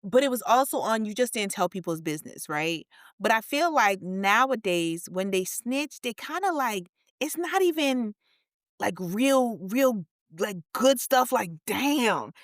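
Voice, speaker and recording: A woman's voice: on the high side, animated, a little slow, dry recording, clean studio sound. A woman co-hosting a casual podcast chat, emphatic and repetitive as she draws out her points. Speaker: podcast co-host.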